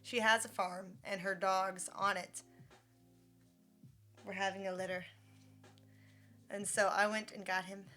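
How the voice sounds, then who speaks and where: Bright woman streamer cooing at her dog. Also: flat delivery, measured pace, long pauses, faint music behind. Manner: high sing-song baby talk to her dog. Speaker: livestreamer. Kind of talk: casual livestream chat.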